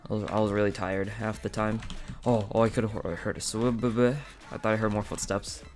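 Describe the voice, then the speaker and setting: A man giving casual, excitable gameplay commentary, talking directly to his viewers with frequent outbursts. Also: lowish voice, a little fast, faint music behind. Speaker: gaming channel host.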